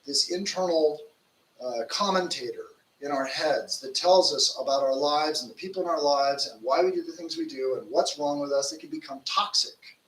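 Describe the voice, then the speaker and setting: A man in his fifties delivers a spiritual talk in a chatty, anecdotal way, his voice slightly high and forceful. The recording is distant and echoey, with faint noise behind him. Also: moderate pace. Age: 50s. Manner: storytelling, informal with fillers. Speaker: monk giving a spiritual talk. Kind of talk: conversational sermon. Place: temple lecture hall. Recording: roomy hall, distant mic, faint noise.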